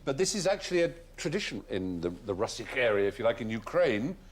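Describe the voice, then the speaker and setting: A man's voice: mid-range voice, big pitch swings, fast talker, heavy background noise. A man hosting a comedy panel quiz in a TV studio, explaining odd facts in a precise, learned way. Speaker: quiz show host.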